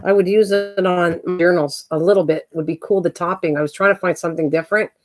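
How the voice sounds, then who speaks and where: A woman's voice: lowish voice, steady tone, fast, darkish tone. Chatty woman crafting and teasing. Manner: chatty, teasing, laughs easily. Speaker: crafting channel host. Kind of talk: casual chat while crafting.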